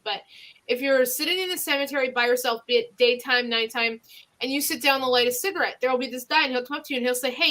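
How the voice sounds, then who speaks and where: A woman's voice: high-pitched, pushed and bright. A woman with a Northeastern Pennsylvania accent, hosting a podcast and telling local ghost stories in a rambling way with many fillers and restarts. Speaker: podcast host. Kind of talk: casual ghost-story chat.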